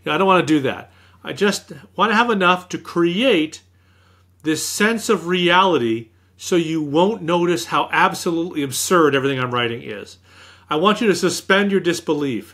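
A man as a guest author in an interview, telling anecdotes in a lively, self-deprecating way. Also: on the high side, breathy edge. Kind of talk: storytelling in an interview.

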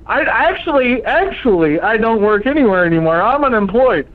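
A man's voice: high-pitched, sing-song, moderate pace. A man calling in to a radio show, mocking and insulting another caller in a heated argument, repeating himself. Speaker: phone-in caller. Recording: tinny phone line.

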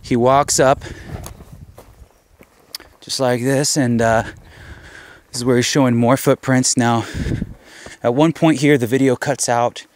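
A man's voice: medium pitch, steady tone, a little slow, pauses often. A man hosting an outdoor walkthrough on a mountain trail, out of breath and pointing things out as he explains. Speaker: host, investigator. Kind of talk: casual on-site walkthrough.

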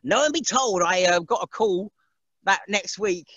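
A man's voice: high voice, animated, measured pace, a bit bright, breathy edge, no room sound, dull audio. A man, chatting casually as an interview guest, rambling and laughing often and mimicking other people's voices. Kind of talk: casual chat.

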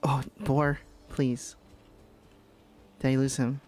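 A man doing live gameplay commentary as a VTuber streamer, excitable and giggly, panicking and repeating words in bursts. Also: mid-range voice, slow pace.

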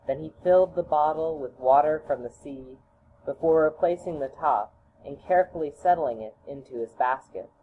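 A woman reading a children's storybook aloud in a slow, deliberate manner. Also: low voice. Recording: tinny phone-like audio, faint hiss.

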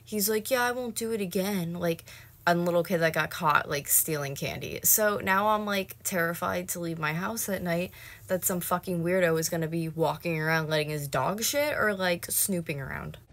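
A woman's voice: fairly low pitch, moderate pace, fairly bright tone. A woman in her late twenties telling a story to camera in a casual vlog, swearing and heated. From North America. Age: late 20s. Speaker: vlogger.

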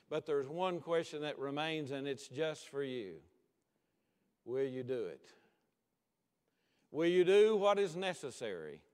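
A male pastor preaching a sermon with emphatic, repeated calls to commitment, easing into a quiet prayer. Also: a little high, smooth. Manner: impassioned preaching with rising emphatic repetition, then quiet prayer. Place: church sanctuary. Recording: long church-hall reverb.

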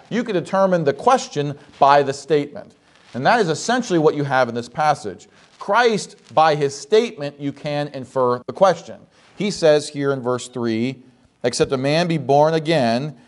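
Guy preaching a sermon in church, reads scripture then asks the folks questions. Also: a little high. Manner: expository preaching, rhetorical questions to the congregation. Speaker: pastor.

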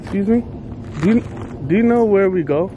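A woman's voice: medium pitch, lively intonation, fairly quick, muffled recording. A woman chatting casually and teasingly while vlogging outdoors on a farm. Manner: teasing, playful. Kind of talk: casual vlog chat. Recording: noisy outdoor recording.

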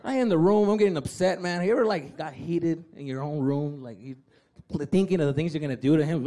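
Animated, high-pitched stand-up comedian. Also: male voice, quick pace, some chatter behind. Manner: animated storytelling, lots of profanity, acts out voices. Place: large venue before a live audience. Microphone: handheld stage mic. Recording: live stage recording with audience laughter.

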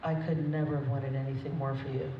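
A woman with a very deep voice and flat delivery speaks briskly; she's the groom's mother, giving a chatty, emotional, unscripted toast with frequent laughter. The recording comes from a distance in an echoey, dull reception hall, crowd noise included.

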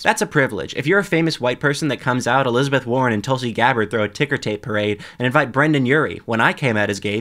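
Sarcastic man hosting a comedy commentary. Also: medium pitch. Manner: sarcastic, absurd deadpan jokes, laughing at himself.

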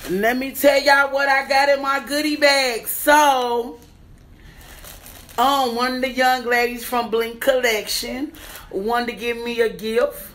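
A young adult woman comedian, loud and excitable, swearing freely and chanting words over and over as she unboxes a gift bag on a casual livestream. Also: on the high side, slow pace. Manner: loud, excitable, profane, sing-song repeating. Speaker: comedian and businesswoman.

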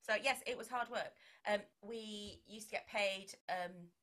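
A woman's voice: mid-range voice, unhurried, fairly bright tone. A middle-aged woman, a vicar and broadcaster, chatting in an interview and acting out quoted exchanges. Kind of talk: conversational interview.

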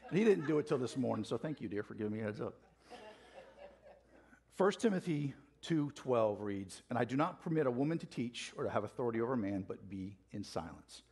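A man delivers a church sermon with mounting passion. His voice carries a husky, slightly breathy grain at an ordinary middle pitch. He calls questions out to the congregation and drives his points home. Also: lively intonation, fairly quick, darkish tone. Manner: passionate, fired-up preaching with call-and-response. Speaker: preacher. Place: church sanctuary.

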